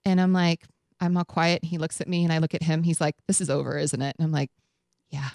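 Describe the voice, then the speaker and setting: Eine Frau, Moderatorin einer Radiosendung, die locker und lebhaft eine persönliche Geschichte erzählt und Zitate mit Lachen nachspielt. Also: female voice, sits low, fairly quick, no room sound. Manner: animated, acts out quotes with laughs. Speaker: radio show host. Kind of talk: casual storytelling chat.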